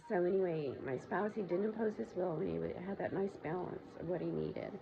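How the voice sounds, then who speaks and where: A woman's voice: brisk, vocal fry. A woman hosting her own show, telling a long personal story in a blunt, rambling way, with frequent profanity and fillers. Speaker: show host. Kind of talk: candid personal monologue. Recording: muffled low-volume recording with loud background noise.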